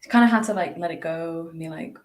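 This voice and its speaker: This podcast guest, a woman whose voice sits on the low side, speaks quickly. Her reflective interview talk stays casual and chatty, with frequent laughter and plenty of fillers and false starts.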